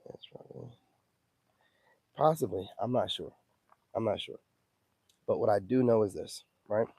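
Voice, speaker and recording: A man hosting a livestream in a loose, emphatic chatting style, forever checking that his listeners follow him. His voice is very dark and mellow, and the sound is dry and close, with no room around it. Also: lowish voice, unhurried, vocal fry, slightly rough, no echo. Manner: loose, emphatic, keeps asking "you know what I'm saying". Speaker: livestream host. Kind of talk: casual livestream chat.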